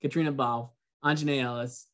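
A man's voice: mid-range voice, steady tone, fairly quick, fairly bright tone. A man in casual panel talk as an awards pundit, easygoing and wry as he lays out his arguments.

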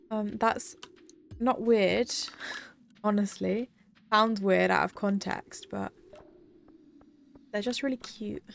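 A woman's voice: mid-range voice, gravelly, slight background noise. A young woman chatting casually on a live game stream, rambling and giggling as she talks to her viewers. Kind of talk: casual live-stream chat while gaming.

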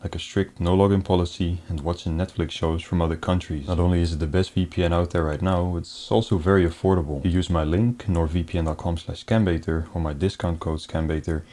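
Deep, dark-toned male YouTuber narrating and reading an ad, matter-of-fact. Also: fairly even intonation, fast talker, few pauses. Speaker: YouTube host. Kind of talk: sponsor read and narration.

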